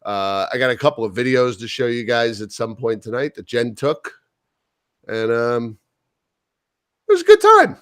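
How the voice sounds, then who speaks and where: A man's voice: medium pitch, fairly even intonation, normal speed, clean tone, no room sound, clean studio sound. A man co-hosting a sports podcast in casual chat, telling a story in a rambling way with many restarts. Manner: rambling storyteller who repeats himself and acts out quoted talk. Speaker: podcast co-host.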